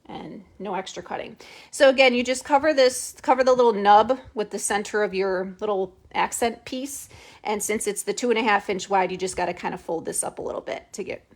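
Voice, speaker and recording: A woman hosting a casual craft tutorial, chatting step by step into her phone camera with lots of "okay"s and fillers. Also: mid-range voice.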